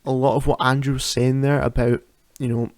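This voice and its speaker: Guy rambling on his podcast at home, laughing and tripping over his words, middle pitch. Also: level tone, a little fast, darkish tone, no echo. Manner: chatty, laughs often, restarts sentences. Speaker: podcast host. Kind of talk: casual solo podcast chat. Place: home at night.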